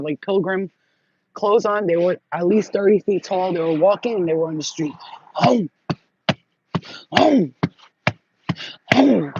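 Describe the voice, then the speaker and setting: A man telling spiritual stories in casual monologue, profane and animated, acting out what people said. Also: high-pitched, slightly rough, muffled recording. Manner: profane, animated, acts out quotes. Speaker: spiritual channel host.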